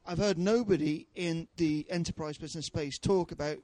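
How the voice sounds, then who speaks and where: Male podcast host, high voice, giggly, stumbling through news reads. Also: normal speed, dark tone. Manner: giggly, hesitant, mock announcer reading. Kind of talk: casual tech podcast banter.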